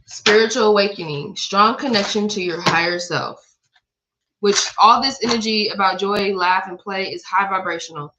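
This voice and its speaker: A woman reads cards in a casual, blunt way, swearing freely and laughing at herself. Her voice sits at an ordinary middle pitch. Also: normal speed, background noise. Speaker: tarot reader. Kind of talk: casual spiritual card reading.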